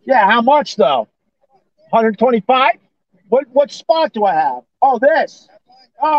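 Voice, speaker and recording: A man's voice: extremely high pitch, dry recording, highs cut off. A man ranting sarcastically on a live stream from his parked car, acting out both sides of his conversations. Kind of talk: ranting casual monologue. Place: parked car on a city street.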